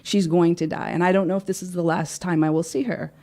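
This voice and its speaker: Speaking fast in a fairly low voice, a female life coach recounts a personal story as a studio interview guest. She performs the dialogue with lively storytelling, recorded through a studio mic.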